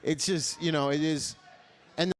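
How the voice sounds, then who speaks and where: Crowd-work comedy from a man who is loose and crude, often laughing and swinging his pitch high and low. Even so, his tone stays steady and unhurried, and the recording has no echo.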